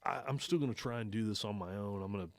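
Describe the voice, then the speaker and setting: A man's voice: lowish voice, quick pace, no room sound. A man who owns an archery shop, telling a story in a casual interview, laughing often and acting out the lines of the people he quotes. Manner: laid-back, laughs often, acts out quoted talk. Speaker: archery shop owner, guest.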